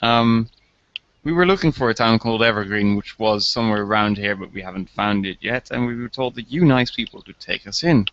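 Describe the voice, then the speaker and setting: A man's voice: lowish voice, brisk, a bit bright. Player, man, mid voice, earnest, lo-fi with faint hiss. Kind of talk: in-character tabletop play. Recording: lo-fi recording with faint noise.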